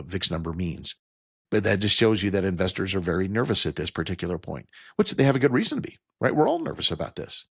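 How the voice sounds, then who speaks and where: In a radio studio, a low-voiced man hosts a financial talk show, stressing the key figures and laying out the numbers plainly for listeners. The recording is studio quality with no echo.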